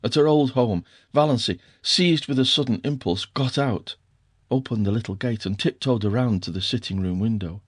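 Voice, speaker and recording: A man narrating an audiobook in a measured, gentle storytelling manner. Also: medium pitch, husky, no room sound, clean studio sound. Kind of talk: scripted narration.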